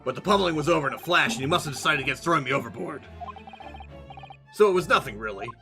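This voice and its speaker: A man voicing a gruff, battered male police inspector who plays down his injuries in an understated way. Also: fairly high pitch, animated, fast talker, music in the background. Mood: stoic. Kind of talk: reading game dialogue aloud.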